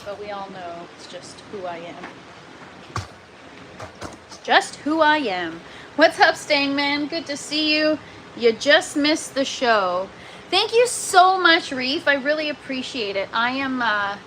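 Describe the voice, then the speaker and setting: A woman's voice: high voice, a bit bright, a little hiss or hum, poor audio. A Canadian woman chatting casually with viewers on a gardening livestream, self-mocking and laughing often, sounding tired. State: tired from lack of sleep. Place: indoor grow tent.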